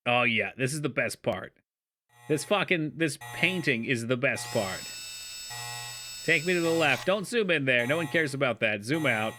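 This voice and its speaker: A man's voice: mid-range voice, animated, moderate pace. A man chatting casually and joking with his viewers while playing a game, swearing freely. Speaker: streamer. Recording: live stream with loud game music behind. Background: game music.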